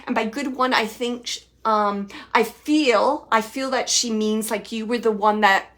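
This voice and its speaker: A woman hosting a psychic reading, relaying spirit messages in a soft, halting way with frequent restarts and repeated phrases, sometimes dropping to a near whisper. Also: fairly high pitch. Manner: drops to near-whispers at times. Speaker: psychic medium host.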